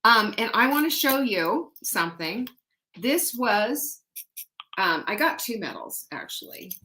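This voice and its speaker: A woman's voice: on the low side, a bit bright, a little hiss or hum. Upbeat, emphatic woman host. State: a little out of breath after a workout. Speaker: show host and life coach. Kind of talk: live-stream chat and motivational talk.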